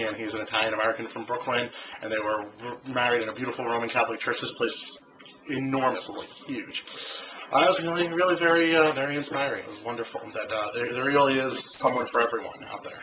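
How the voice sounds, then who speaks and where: Recorded on a handheld camcorder with background noise, a male video blogger delivers a casual, rambling vlog monologue full of fillers and restarts. His voice is medium-pitched and steady in tone, and he talks quickly.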